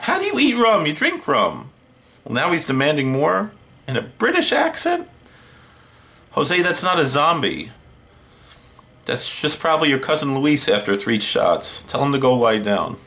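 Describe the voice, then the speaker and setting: A man hosting a horror movie show, doing a comedic one-sided phone call in a deadpan, wry way. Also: a little high, unhurried, gravelly.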